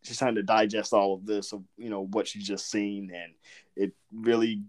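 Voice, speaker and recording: A man's voice: fairly low pitch, moderate pace. A man from Southern Georgia with a faint Southern accent, co-hosting a podcast and telling stories in a rambling way with frequent laughter. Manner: rambling, laughs often, lively storytelling. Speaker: podcast co-host. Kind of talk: casual chat.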